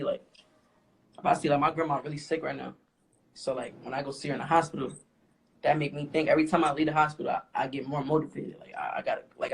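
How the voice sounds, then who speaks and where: A young man, a rapper guest, talking casually and haltingly with lots of fillers. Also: on the high side, vocal fry. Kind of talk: casual interview talk. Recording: faint background noise.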